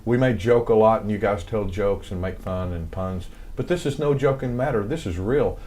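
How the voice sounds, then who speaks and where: A man's voice: on the low side, normal speed, a little mellow. An older man with a light Southern American accent, telling stories in a casual interview, rambling with lots of fillers and restarts. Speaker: guest, songwriter and composer.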